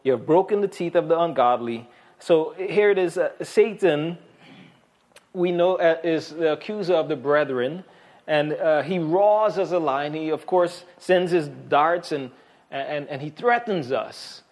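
A man preaching a sermon as pastor, earnest, with fillers, reading scripture and dropping to a hush on key points. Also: on the high side, measured pace.

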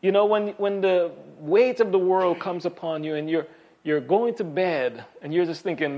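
A man's voice: high-pitched, normal speed. Earnest man preaching a sermon. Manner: earnest preaching with fillers and quoted scripture; drops to a soft hush on key points. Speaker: pastor.

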